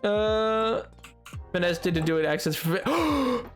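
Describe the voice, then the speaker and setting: Man, high voice, casual gaming stream chat, rambling, stammering, faint music behind. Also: animated, takes it slowly. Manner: rambling, stammering restarts, laughing often.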